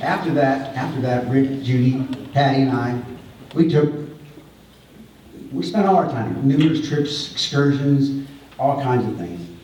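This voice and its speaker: A middle-aged man delivers a memorial eulogy in a mellow, darker voice, pausing and repeating himself as he speaks with feeling. He is heard from a distance in a large, very echoey hall, with a faint room hum behind him. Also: medium pitch, expressive, dull audio. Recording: echoey hall, voice far from the mic.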